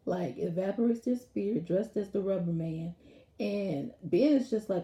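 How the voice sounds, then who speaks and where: A woman casually recapping a TV episode in a rambling, animated way, acting out lines from it as she goes. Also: medium pitch, normal speed. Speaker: TV episode reviewer. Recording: roomy echo.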